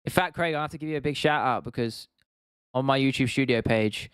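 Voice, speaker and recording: A man's voice: medium pitch, a little fast, a bit bright, smooth, dry recording, clean studio sound. A young man from England hosting a casual livestream, reading out chat comments and rambling with frequent restarts and laughs. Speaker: livestream host.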